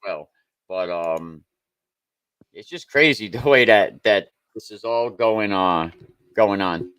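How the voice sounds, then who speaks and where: A man's voice: lowish voice, slow, a bit bright, smooth, no room sound. Blunt opinionated man talking local sports. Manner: blunt, opinionated, repeats himself. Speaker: show host. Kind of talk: casual sports talk.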